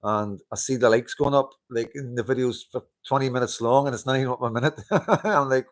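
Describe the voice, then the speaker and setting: Speaking at medium pitch and a moderate pace, a man hosts a relaxed livestream, saying hello to viewers. He laughs frequently and swears offhandedly into his handheld wireless microphone.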